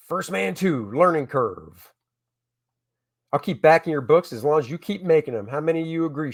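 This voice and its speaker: A man who makes comics, chatting excitedly with viewers on a casual crowdfunding livestream from home. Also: on the high side, moderate pace. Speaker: comic creator hosting a crowdfunding stream.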